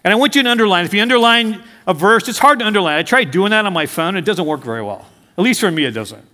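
High-voiced man preaching in a hall. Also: lively intonation, fast, bright, forceful tone. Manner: conversational, anecdotal preaching with asides. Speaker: pastor. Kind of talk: sermon. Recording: hall reverb.

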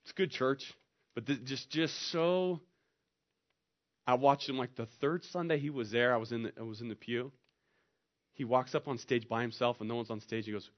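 A man's voice: mid-range voice, fairly even intonation, moderate pace, highs cut off. A man preaching a sermon in a conversational, storytelling way, pushing up into emphatic rises. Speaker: pastor.

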